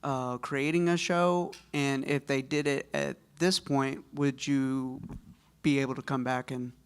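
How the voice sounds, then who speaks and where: Male fan at a mic, clear smooth voice, polite and halting. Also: medium pitch, little pitch movement. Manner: polite, halting, many uhs. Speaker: audience member asking questions. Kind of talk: fan question at a panel. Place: convention hall audience.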